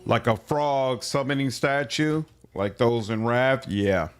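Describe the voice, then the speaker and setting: A man with a mid-range voice streams a role-playing game, talking slowly and casually in a laid-back manner and reading game text aloud. Faint game music plays behind his commentary.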